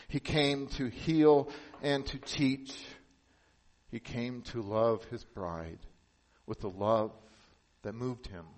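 A man preaching a sermon as pastor. He speaks earnestly and drops to a hushed, solemn tone for emphasis. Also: lowish voice, low-quality recording.

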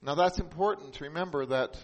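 Speaking from the pulpit, a pastor with a higher-pitched voice gives an earnest sermon. His voice climbs for emphasis and softens and slows at the crucial moments.

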